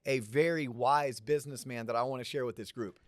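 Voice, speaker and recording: A man's voice: mid-range voice, a little fast, no echo, studio quality. A man hosting a podcast, giving motivational business advice to a college audience. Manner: motivational, conversational. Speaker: podcast host. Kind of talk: talk in front of a college audience.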